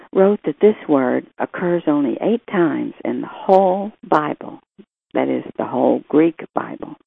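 A priest reading the gospel and giving a measured, reflective homily that quotes scripture and scholars. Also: male voice, fairly high pitch, gravelly, breathy edge, no room sound. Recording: tinny phone-like sound, dry.

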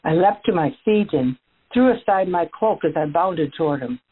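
An earnest beggar, once blind, speaks straight to the listener with gratitude, a woman acting him out. The voice sits low and husky. The sound is thin and tinny, like a phone line. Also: lively intonation, moderate pace. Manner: earnest storytelling, addresses listeners directly. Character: formerly blind male beggar, earnest and grateful. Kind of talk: first-person dramatic monologue.

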